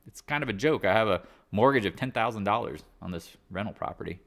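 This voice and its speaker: A man's voice: lowish voice, animated, fast talker, fairly bright tone, voice pushed up. A man putting on the drawling Southern accent of an older landlord, folksy and boastful.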